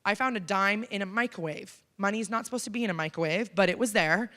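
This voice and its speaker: A woman in her thirties from Canada talks fast in a mid-range voice that sounds pushed and bright. Giving a keynote in a college auditorium, she tells a personal story frankly and conversationally, saying um frequently.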